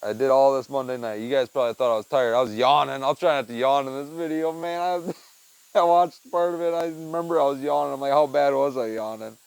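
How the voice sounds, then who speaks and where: A man's voice: medium pitch, steady tone, fast talker, clean tone, no room sound, poor audio. A young man vlogging casually while he works on a chicken feeder, rambling and saying "dude" and "man" a lot, on a wearable mic. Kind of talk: casual chat while working. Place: backyard with chicken coop and tool bench.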